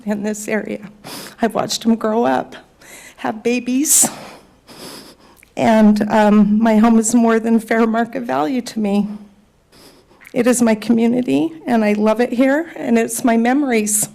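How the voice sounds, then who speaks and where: A middle-aged woman speaking as a resident at a public meeting, emotional and trying not to cry, with hesitant pauses. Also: fairly high pitch, steady tone, darkish tone. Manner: emotional, fighting back tears, hesitant. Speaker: resident giving public comment.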